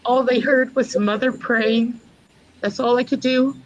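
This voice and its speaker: A woman, a mother, giving a personal testimony in an earnest, storytelling way with many pauses. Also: on the high side, steady tone, muffled recording. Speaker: guest mother.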